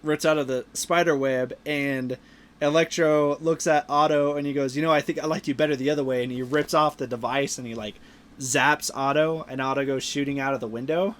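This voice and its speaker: Speaking a little fast, this man hosts a podcast where he loosely walks through a movie's plot, full of fillers and false starts. His slightly high voice is fairly bright and holds a steady tone.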